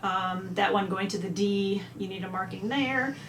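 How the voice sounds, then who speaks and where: A woman at middle pitch walks through an instrument lesson in a chatty way, now and then singing short phrases out on syllables. The room is echoey, with faint ambience behind her. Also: normal speed, a bit bright, slight background noise. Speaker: music teacher.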